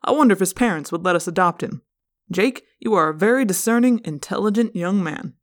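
A woman's voice: mid-range voice, lively intonation, brisk, close to an everyday voice. Woman voicing a jovial middle-aged dad, hearty and teasing; audiobook scene. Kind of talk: fan audiobook reading.

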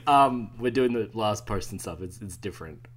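A man's voice: fairly low pitch, lively intonation, normal speed, a little hiss or hum. A man with an Australian accent co-hosting a podcast, telling rambling stories and swearing freely. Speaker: podcast co-host. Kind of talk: casual podcast chat.

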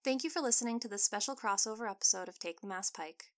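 A woman author narrating her own story in an even, scripted way. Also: medium pitch, fast.

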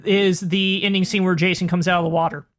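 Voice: mid-range voice, level tone, a little fast. A podcast co-host leading a casual, laid-back film discussion, swearing and laughing along.

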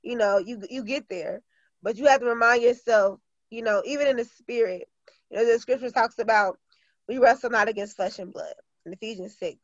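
A woman's voice: fairly high pitch, fairly quick, dry recording, dull audio. A woman teacher and author talking earnestly in an interview, with many fillers and restarts. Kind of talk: casual interview talk.

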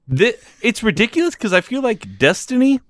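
A man co-hosting a comedy podcast in casual chat, animated and laughing often as he mock-rants. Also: high voice, normal speed, dry recording. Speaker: podcast co-host.

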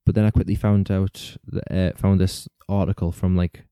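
Low mellow guy rambling thru a true crime podcast, laughs a lot, swears a bit, dry close sound. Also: little pitch movement, normal speed, smooth, dry recording. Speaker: podcast host.

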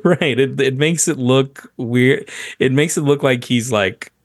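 A man in the middle of a loose comedy podcast chat, wandering through his thoughts with restarts and little laughs. His voice sits at an ordinary middle pitch, and the sound is close and dry, with no room around it. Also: no room sound. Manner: rambling, halting, laughs often. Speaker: podcast co-host.

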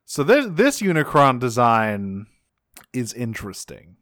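A man's voice: medium pitch, a little slow, dry recording, studio quality. A man co-hosting a podcast, talking casually with swearing and enthusiasm. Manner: casual, profane, excitable. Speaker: podcast co-host. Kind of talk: casual chat.

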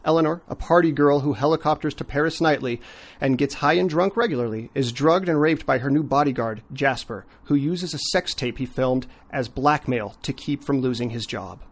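A man co-hosting a podcast in casual chat, measured and dry, with deliberate delivery. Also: medium pitch. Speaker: podcast co-host.

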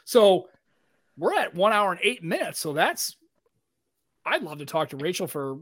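A man's voice: high voice, very animated, measured pace, fairly bright tone, no echo, clean studio sound. A male podcast host in casual chat, rambling and chatty, swearing freely.

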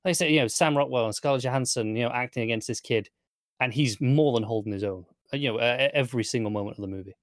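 A man co-hosting a podcast, chatting quickly and agreeably about a film. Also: medium pitch, dry recording, clean studio sound. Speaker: podcast co-host. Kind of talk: casual movie review chat.

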